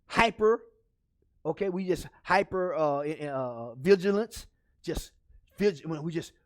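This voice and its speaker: Man, motivational speaker, high and lively delivery, talks straight to camera, repeats himself, encouraging. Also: takes it slowly. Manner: encouraging, repetitive, animated with sudden loud outbursts. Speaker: leadership speaker.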